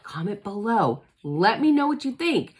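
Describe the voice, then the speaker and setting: Chatty upbeat woman with a lively voice. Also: medium pitch, moderate pace, husky. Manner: chatty, upbeat, keeps asking "okay?". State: out of breath. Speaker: direct sales consultant. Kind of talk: casual direct-to-camera pitch.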